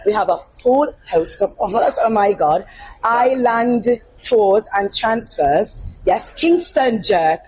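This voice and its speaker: A woman hosting a casual backstage interview, talkative and lively, hyping her guest and sponsors. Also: mid-range voice, slow pace. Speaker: host and interviewer. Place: backstage media room at a music festival. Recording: noisy backstage room.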